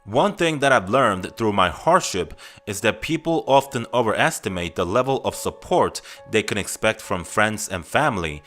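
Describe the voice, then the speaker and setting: A man narrates first-person scary stories in a steady, grim, confessional way. His low voice has a bright, forward edge and moves with lively swings in pitch, over faint background music. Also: moderate pace, hardly any pauses.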